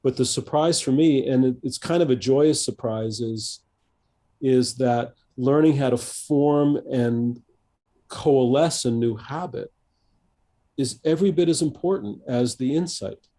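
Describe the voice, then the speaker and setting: A man in his fifties, a coach being interviewed on a podcast, speaking thoughtfully and haltingly with many restarts and fillers. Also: medium pitch, mellow. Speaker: executive coach, guest.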